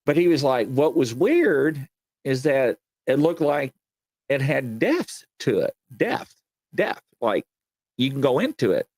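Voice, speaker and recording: A man hosting a live show, telling a strange tale in a casual, animated way with lots of fillers and acted-out voices. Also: medium pitch, takes it slowly, no echo. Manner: animated storyteller, acts out quoted voices, many fillers. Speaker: show host. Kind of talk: casual live-stream storytelling.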